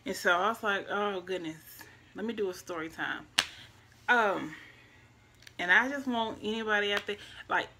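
A woman, telling a personal story in a casual, soft-spoken and reflective way, speaking straight to her viewers. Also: medium pitch, normal speed, pauses often, background noise. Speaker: vlogger.

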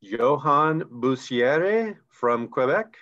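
A man's voice: medium pitch, animated, drawn-out words, fairly bright tone. A man co-hosting a live online recognition event, reading names and chatting enthusiastically about ranks over a video call. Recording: dull lo-fi video call audio.

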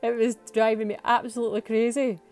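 A woman's voice: on the high side, little pitch movement, fairly quick, a little mellow, soft background music. A Scottish woman chatting through a home voice-over for her nail art videos, self-mocking and laughing often. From Scotland. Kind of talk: casual voice-over narration.

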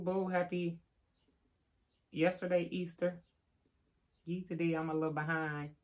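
An older woman, chatting casually on a live stream and reading out viewer names with teasing asides. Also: low voice. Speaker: vlogger giving live shout-outs.

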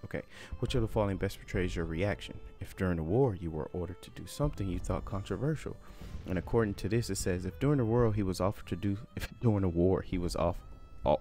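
Man, gaming host, casual rambling commentary, jokey, very deep voice, faint music behind. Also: a little mellow.

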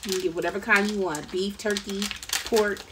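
A woman's voice: mid-range voice, fairly even intonation, brisk. Chatty woman cooking live. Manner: chatty, laughing, talks to viewers. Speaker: home cook hosting a live stream. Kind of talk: casual cooking live stream. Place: home kitchen. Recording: live-stream audio from a distance, noisy.

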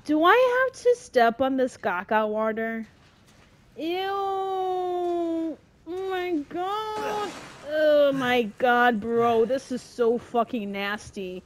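A woman's voice: a little high, lively intonation, slow pace. A young adult woman commenting on a horror game as she plays, swearing often and reacting dramatically to every scare. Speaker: let's play gamer.

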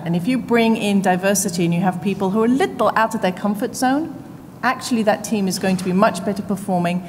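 A woman's voice: medium pitch, a little mellow. A woman panelist speaking emphatically and telling anecdotes at a business conference, laughing often as she makes her points. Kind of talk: panel discussion. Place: conference hall. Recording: reverberant hall with faint noise.

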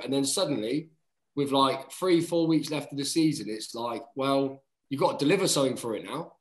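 A man in his thirties recounts stories in a loose, chatty way, dropping "mate" into nearly every sentence. His voice sits at an average pitch. The recording carries a noticeable roomy echo. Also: normal speed. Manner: chatty, says "mate" often, lively retelling. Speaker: guest rugby player. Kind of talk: casual storytelling chat.

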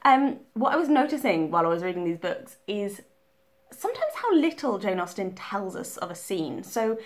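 A woman's voice: medium pitch, sing-song, normal speed. A young woman talking casually about her reading, chatty and full of ums and restarts. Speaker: book vlogger.

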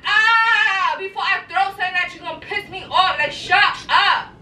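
High-voiced blunt young woman, noisy. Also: normal speed, bright, forceful tone, echoey room. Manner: blunt, exasperated, repeats herself, street slang. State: pregnant. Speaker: vlogger. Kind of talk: casual argument on camera. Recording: distant mic with vehicle noise.

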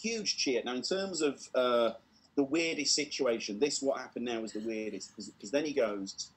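A British man telling a comedy story on an online show, lively and acting out the voices, laughing at his own tale. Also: mid-range voice, moderate pace.

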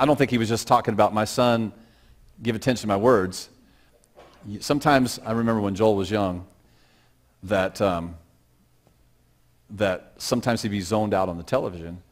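A middle-aged male pastor preaching a sermon, talking plainly and then swelling into loud, drawn-out emphasis on scripture verses. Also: on the low side. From Pacific Northwest of the United States.

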